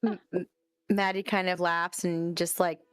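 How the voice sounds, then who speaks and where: A woman's voice: fairly low pitch, level tone, unhurried, clear, resonant tone, no room sound, faint music behind. A woman playing a tabletop game, speaking hesitantly with small laughs. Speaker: player.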